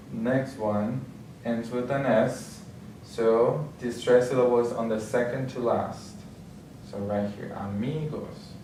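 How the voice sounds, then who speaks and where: A man's voice: medium pitch, darkish tone, a little hiss or hum. A man patiently explaining a language lesson step by step, correcting himself as he goes. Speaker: Spanish teacher. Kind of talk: classroom explanation. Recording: echoey room, mic far off.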